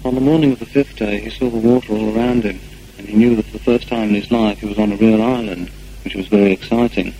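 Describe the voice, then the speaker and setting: A man reads a children's storybook aloud in a gentle, unhurried way. His voice is low and mellow, with a faint hiss behind it. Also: fairly even intonation, rough recording.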